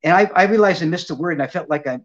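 Racing through a long anecdote, an older male ventriloquist being interviewed acts out each person he quotes. His voice sits on the high side, and the recording sounds dull and lo-fi.

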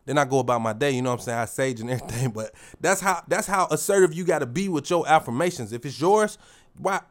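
A man's voice: medium pitch, expressive, fast talker. A man hosting his own podcast, giving a motivational monologue in a preachy, slang-heavy way and repeating phrases for emphasis. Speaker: podcast host.

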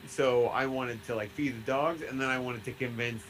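A Midwestern American man chats loosely on a podcast, piling up fillers and breaking into laughs. His voice sits at an ordinary middle pitch. A faint hiss runs under the recording. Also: steady tone, moderate pace, fairly bright tone, low-quality recording. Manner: rambling, laughing, lots of fillers. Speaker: podcast co-host. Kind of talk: casual podcast chat.

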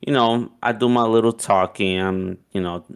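A man casually telling a long personal story, animated and profane, acting out what people said. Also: fairly low pitch, moderate pace, clean tone. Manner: animated, profane, acts out quotes with laughs.

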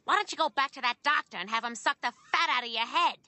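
A fed-up cartoon mother, nagging in a sharp, scolding way. Her voice sits high and sounds bright. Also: fast, a little hiss or hum. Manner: scolding and exasperated. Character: exasperated cartoon mom, middle-aged woman. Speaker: cartoon character. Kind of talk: cartoon voice acting.

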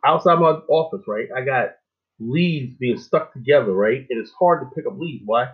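A middle-aged man hosting a show, rambling in a casual monologue with lots of fillers and animated stories. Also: medium pitch, moderate pace. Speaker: show host. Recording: tinny phone-like line.

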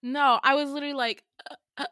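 Young woman podcast host, high-ish voice, dry close sound, laughs a lot telling her dream. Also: fast, no echo. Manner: animated, laughs often, acts out quotes. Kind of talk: casual storytelling chat.

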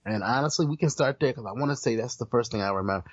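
A man's voice: mid-range voice, rapid-fire, husky, no echo, muffled recording. A man co-hosting a podcast in casual chat, talking emphatically and restarting his sentences often. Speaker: podcast co-host.

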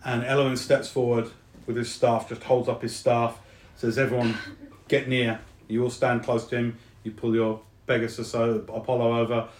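A man's voice: mid-range voice, monotone, moderate pace, a little mellow. Casual male game master, echoey room. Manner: casual, chatty narration with fillers. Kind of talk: narrating a tabletop game.

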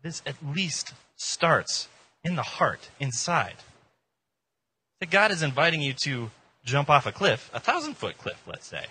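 Guy preaching a laid-back sermon, lively pitch, kinda husky. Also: measured pace. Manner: informal, joking, animated. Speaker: pastor. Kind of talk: casual sermon.

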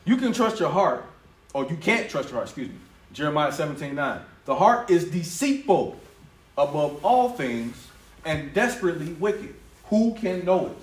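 A man preaches, his pitch leaping high and low as he laughs and acts out voices. He sits a little above the usual register for a man. The sound is roomy and distant, with a faint ambience behind. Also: sing-song, moderate pace. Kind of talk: conversational sermon.

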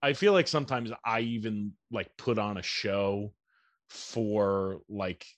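A man's voice: on the low side, slow, no echo. A man co-hosting a podcast in casual chat, candid and self-deprecating, rambling and swearing freely. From United States. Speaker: podcast co-host.

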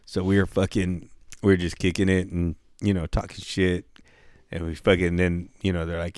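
A man's voice: sits low, level tone, moderate pace, darkish tone, no room sound, studio quality. A middle-aged man telling stories in a casual chat, profane and laid-back, full of "dude" and "bro", acting out what people said.

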